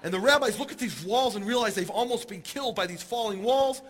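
A man telling a Talmud story in a lively, humorous way and acting out the characters. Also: extremely high pitch, a little fast. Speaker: teacher retelling a Talmud story. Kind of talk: animated storytelling talk.

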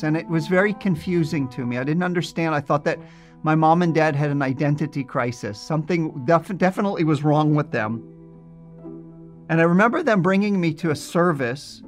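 A middle-aged man from New Jersey telling his personal testimony in a reflective, earnest storytelling way. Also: a little high. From New Jersey, USA. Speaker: speaker giving a personal testimony. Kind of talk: recorded testimony video narration.

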